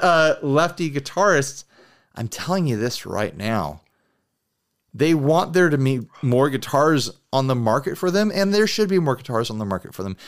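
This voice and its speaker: A man's voice: on the high side, a bit bright. A man co-hosting a podcast in loose, rambling, jokey chat. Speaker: podcast co-host. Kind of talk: casual chat.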